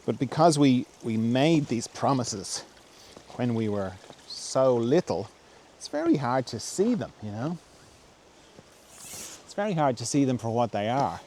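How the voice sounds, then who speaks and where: A man answering a viewer's question in a gentle, reflective talk. He thinks aloud with pauses and restarts. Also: medium pitch, big pitch swings, a little hiss or hum. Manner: softly acts out quoted voices, dropping to a whisper. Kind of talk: reflective spoken talk on self-help.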